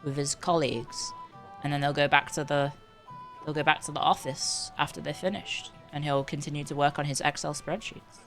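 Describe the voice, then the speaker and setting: A woman's voice: sits low, steady tone, normal speed, fairly bright tone. Chatty woman streamer over music. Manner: chatty, rambling, playful asides to chat. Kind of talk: casual gameplay chat. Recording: game music under the voice.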